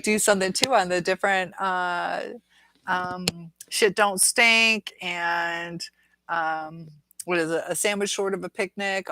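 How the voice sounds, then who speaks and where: Slow-talking woman, casual chat. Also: fairly low pitch, sharp tone, dry recording. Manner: rambling, chatty, laughs often. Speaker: livestream host reading viewer chat.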